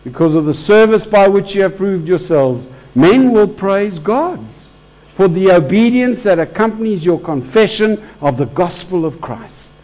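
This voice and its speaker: A man's voice: sits high, lively intonation, a little slow, darkish tone, rough recording. A man preaching a conversational sermon at a church service, talking informally with restarts and building to emphatic peaks.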